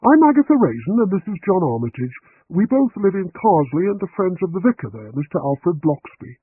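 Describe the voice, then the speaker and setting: A man voicing a bossy, sharp-tongued middle-aged woman detective, brisk and insistent, on a tinny, dry recording. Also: high-pitched, very animated, slightly rough, pitched above the performer's own voice, full character voice.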